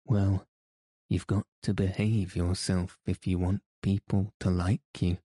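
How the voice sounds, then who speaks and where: A man's voice: low voice, little pitch movement, takes it slowly, mellow, husky, no room sound, heavily acted. A man reading the part of a blunt, nagging woman housekeeper who scolds in an audiobook. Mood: scolding.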